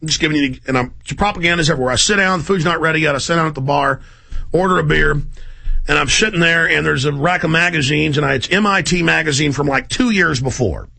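A middle-aged man hosting a radio talk show, ranting intensely and rapidly in a conspiratorial tone. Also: a little high, gravelly, pushed and bright.

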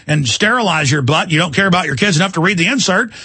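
A man's voice: sits high, animated, quick pace, pushed and bright, husky, no echo. A middle-aged man hosting a radio talk show, ranting in a heated, combative way and hurling insults at listeners. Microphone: studio microphone.

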